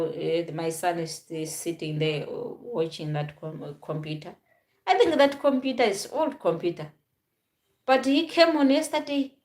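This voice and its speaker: Woman in her forties, from southern Africa, casual vlog talk, halting and repetitive. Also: lowish voice, darkish tone. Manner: halting, repeats and restarts phrases. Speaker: vlogger.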